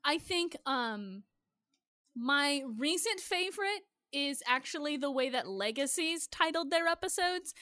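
A woman's voice: high voice, lively intonation, unhurried, bright, forceful tone, no room sound, clean studio sound. A woman with a Midwestern accent, co-hosting a casual chat show and ranting passionately with plenty of swearing. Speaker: podcast co-host.

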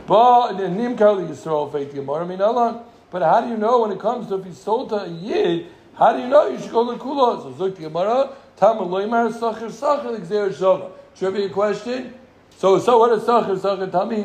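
A man's voice: high voice, brisk, a little mellow, reverberant. A man teaching a Gemara class in a casual way, repeating his phrases and making joking asides to his students. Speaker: Talmud teacher.

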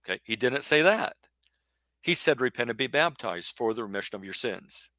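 Man, middle-aged, preacher; forceful bright tone, close dry sound, rhetorical sermon delivery. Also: mid-range voice, expressive, moderate pace, no echo. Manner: emphatic, rhetorical, acts out imagined questions. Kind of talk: sermon-style Bible teaching.

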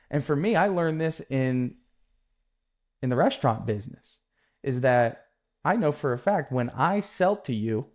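A young adult man hosting a solo podcast, telling a sales story in a lively, casual way and acting out quick bits of dialogue. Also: mid-range voice. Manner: animated, acts out customer dialogue in quick quotes. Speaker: podcast host, painting contractor.

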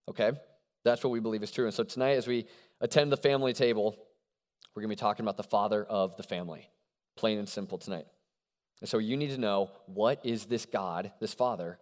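Young male preacher, animated and chatty, mid-pitched voice, long hall reverb. casual sermon delivery. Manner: animated, conversational with frequent check-ins. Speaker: college ministry preacher.

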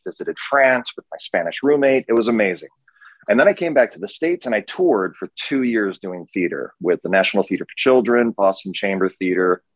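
Energetic Midwestern man, lowish voice. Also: no echo, muffled recording. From Minnesota. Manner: energetic, self-deprecating storyteller. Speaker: guest, actor and session director. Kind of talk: casual interview storytelling.

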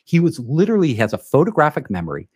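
A man telling an anecdote in a casual interview, animated and acting out the quoted dialogue. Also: fairly high pitch, racing, breathy edge. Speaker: guest telling a career story.

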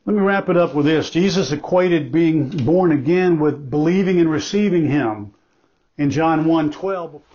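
A pastor delivering a sermon in a slightly high, husky male voice. He speaks earnestly and emphatically, circling back to repeat his key phrases. The recording sounds dull and lo-fi. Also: measured pace, mellow.

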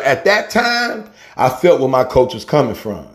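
A man's voice: a little high, measured pace, hardly any pauses. A middle-aged man giving a heartfelt spoken tribute in a casual, slangy way, calling the listener family and man. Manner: animated storyteller, softens when grieving. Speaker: guest speaker.

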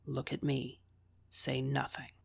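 A woman voicing a calm, kind teenage boy who speaks softly and steadily, at times in a whisper. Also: takes it slowly, creaky, husky, full character voice. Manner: soft, low and steady, half-whispered.

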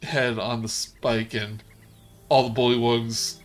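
A male game master narrates a tabletop session in a relaxed, meandering way. He pads his lines with fillers and half-starts. His pitch sits at an ordinary middle height, with quiet music behind. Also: slow pace. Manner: casual, rambling narration with many fillers.

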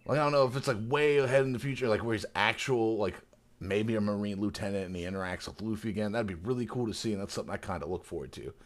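A man with a lowish voice talks as a guest on a casual podcast. He retells scenes with animated, slangy energy and swears freely along the way. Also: quick pace. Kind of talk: casual chat.

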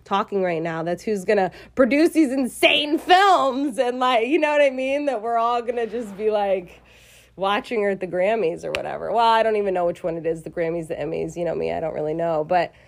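A woman's voice: mid-range voice, fairly quick, gravelly. Effusive woman in her forties hosting. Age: 40s. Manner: effusive, rambling, many fillers. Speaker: podcast host. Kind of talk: casual faith podcast chat.

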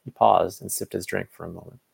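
A man's voice: low-pitched, fairly even intonation, brisk, vocal fry, a little mellow, husky. A man casually reading a fan story aloud, narration and dialogue, with small slips and self-corrections. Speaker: fanfiction co-reader.

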